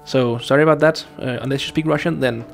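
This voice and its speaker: Casual male let's-player, chatty and meandering, average pitch, soft game music underneath. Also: steady tone, fast talker, vocal fry. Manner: rambling, self-chatting with fillers and restarts. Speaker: gaming YouTuber. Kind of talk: casual let's play commentary.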